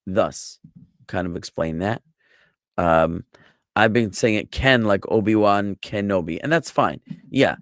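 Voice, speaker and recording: Low-voiced American rabbi teaching. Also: male voice, dry recording, clean studio sound. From United States. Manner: patient, explanatory, with fillers. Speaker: rabbi teaching a Bible class. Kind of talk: live online Bible lesson answering chat.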